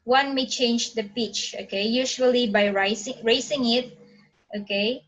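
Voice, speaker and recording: A woman teaching phonetics in an online lecture, often saying "okay" and pausing to check her slides. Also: a little high, steady tone, fairly bright tone, muffled recording. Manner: frequent "okay" fillers, pauses to check slides.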